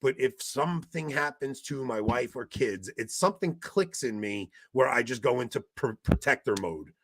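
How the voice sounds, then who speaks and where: A man in casual podcast chat, telling stories in an animated way and getting loud when he retells a fight. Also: mid-range voice, moderate pace. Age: 20s. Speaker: podcast co-host.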